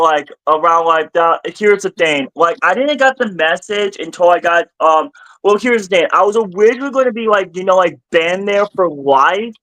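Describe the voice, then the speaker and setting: High-voiced man rambling on a stream. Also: dry recording, poor audio. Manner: rambling, repeats and restarts phrases, gets louder and higher when worked up. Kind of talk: casual livestream chat.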